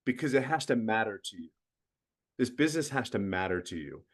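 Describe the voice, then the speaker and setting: A man's voice: on the low side, expressive, a little fast. A middle-aged man giving a blunt, preachy motivational mentoring talk as guest host, with emphatic bursts.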